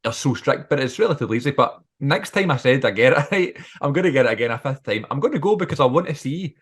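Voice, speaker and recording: A man's voice: mid-range voice, lively intonation, fast, husky. A man hosting a podcast, chatting casually and asking questions. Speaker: podcast host. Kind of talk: casual chat.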